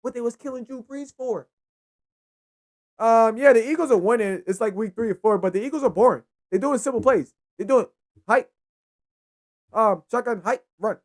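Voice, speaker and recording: A young man hosting a casual solo football recap, rambling and excitable, with frequent profanity. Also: extremely high pitch, moderate pace, pauses often. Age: young adult. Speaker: sports show host.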